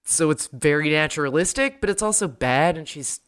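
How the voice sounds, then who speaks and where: A woman's voice: low-pitched, animated, moderate pace, smooth. A woman co-hosting a podcast, giving dry, blunt and sardonic comments on a TV episode. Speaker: podcast co-host. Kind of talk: casual chat recapping a TV episode.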